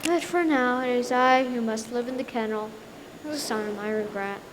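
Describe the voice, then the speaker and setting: A woman's voice: on the high side, normal speed, slight background noise, lightly acted, low-quality recording. A woman on a school stage playing a regretful, earnest father. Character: guilty stubborn father, man.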